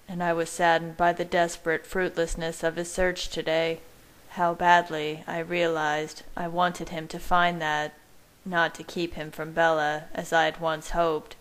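A woman narrating fan fiction in the first person, at a measured reading pace. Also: fairly low pitch, monotone, clear, resonant tone, poor audio. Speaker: reader.

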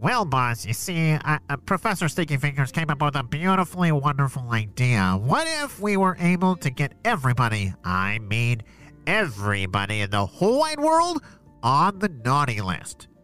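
Eager, fawning henchman, bright and lively, man doing it. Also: medium pitch, normal speed, soft background music. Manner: bright, hesitant, uh-filled.

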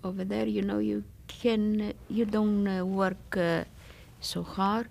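Gravelly older woman, slow halting testimony. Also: mid-range voice, flat delivery, darkish tone, slight background noise. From Greece. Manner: halting, with many pauses and fillers. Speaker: survivor giving testimony. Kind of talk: oral history testimony.

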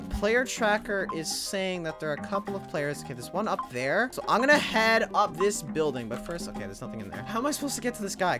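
A gaming creator giving excitable live gameplay commentary to themselves, full of exclamations and quick laughs. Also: mid-range voice. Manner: excitable, talks to self, frequent laughs and exclamations. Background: background music.

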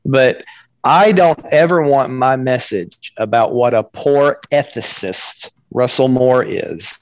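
A man's voice: mid-range voice, no room sound, highs cut off. A man co-hosting a podcast, speaking in an opinionated and emphatic way in casual discussion.

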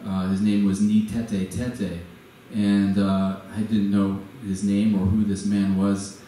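A man's voice: on the low side, level tone, takes it slowly, warm tone. A man in his forties giving a storytelling talk to an audience, hesitant, with many fillers and restarts. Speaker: guest speaker. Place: venue with a live audience. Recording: echoey hall from far off, faint noise.

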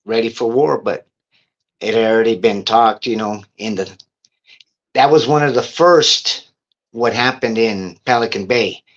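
Streetwise low-voiced man telling stories. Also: measured pace. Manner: streetwise, profane, laughs while telling stories. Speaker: interview guest. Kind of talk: casual storytelling. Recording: dull lo-fi recording.

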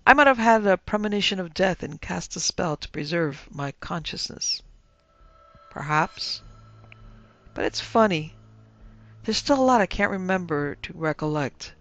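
Brief: a man doing a vengeful skeleton sorcerer with a raspy, emphatic drawl, on a lo-fi storybook recording. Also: high voice, lively intonation, unhurried, bright, forceful tone, pitched above the performer's own voice, exaggerated voice. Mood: musing. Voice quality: rasping. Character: undead wizard uncle skeleton, querulous and vengeful. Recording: dull lo-fi with faint music.

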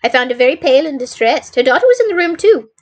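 A woman reads the part of a proud male detective, eager and boastful as he recounts his own clever work. The voice stays fairly high, close to the reader's own. It comes across as storybook narration. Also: very animated, fast talker. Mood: telling.

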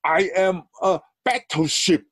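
A man putting on a furious warship captain, shouting his commands in a raised, strained voice that sits far above his normal speaking pitch. The delivery is loud and domineering, and he is recorded dry and close, with no room sound. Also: slow pace, husky, no room sound, heavily acted. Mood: shouting orders. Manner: shouting, barking orders.

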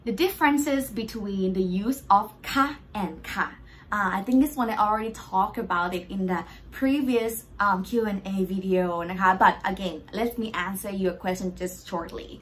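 A young woman with a Thai accent works through viewers' questions as a language teacher. She explains step by step, patient and polite, in a voice of ordinary pitch for a woman. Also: fast, fairly bright tone. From Thailand. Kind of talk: Q&A language lesson.

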